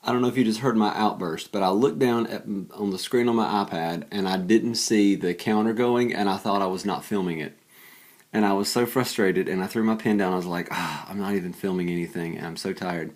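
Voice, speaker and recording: Low-voiced male teacher, weary late-night energy, chatty and self-deprecating while solving equations out loud. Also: a little fast. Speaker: math teacher. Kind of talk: casual worked-example math lesson.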